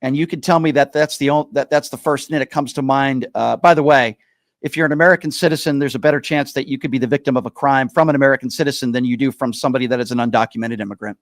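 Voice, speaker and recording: Fast-talking male radio call-in host. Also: mid-range voice, no room sound, studio quality. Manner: presses callers, interrupts to slow them down. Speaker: radio talk show host. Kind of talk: live call-in radio talk.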